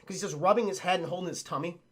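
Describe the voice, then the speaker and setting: A man's voice: high voice, racing, a bit bright, slightly rough. A man recapping a film scene by scene for his live chat. He talks animatedly, swears, laughs often and keeps calling out to the chat. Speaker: streamer, film reviewer.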